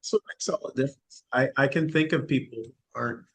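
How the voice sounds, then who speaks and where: A man in his late forties chatting casually, telling stories with animated reenactments and bursts of laughter. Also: medium pitch, fast talker, gravelly. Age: 40s. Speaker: podcast guest. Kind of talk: casual chat.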